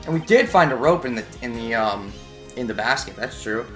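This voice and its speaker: A man's voice: medium pitch, animated, a little fast, fairly bright tone, soft background music. A man giving casual, loose let's play commentary, musing aloud and swearing now and then. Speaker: gamer.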